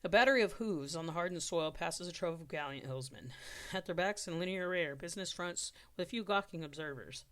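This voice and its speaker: A middle-pitched storyteller reads an unpolished story draft aloud. The reading is steady and plain, with now and then a stumble and a quick fix. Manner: steady reading with occasional self-corrections. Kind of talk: storybook narration.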